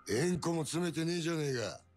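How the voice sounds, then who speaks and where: An actor playing an arrogant, menacing yakuza lieutenant who snarls and taunts, in a video game. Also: male voice, a little high, animated, very fast, darkish tone, soft background music, natural voice. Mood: snarling. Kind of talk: game voice acting.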